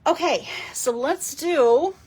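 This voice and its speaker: A woman's voice: high voice, takes it slowly, darkish tone. A woman hosting a casual live card-making demo, chatting and giggling with her viewers as she works.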